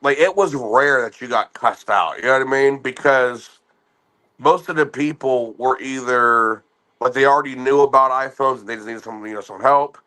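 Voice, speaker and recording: A man's voice: medium pitch, moderate pace, pushed and bright, low-quality recording. Profane man telling a story. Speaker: former call-center agent. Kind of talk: casual storytelling chat.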